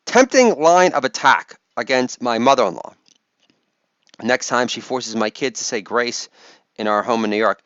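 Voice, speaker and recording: A man doing a stand-up comedy routine on stage, delivering crude rapid-fire one-liners and mock hype calls to the crowd. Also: mid-range voice, animated, a bit bright, no room sound, dull audio.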